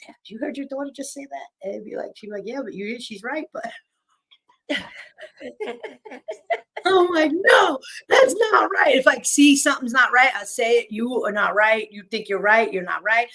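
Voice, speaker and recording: A woman hosting a casual live chat, her voice sitting fairly high. She talks bluntly and sarcastically, swearing freely and building to loud outbursts. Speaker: livestream host.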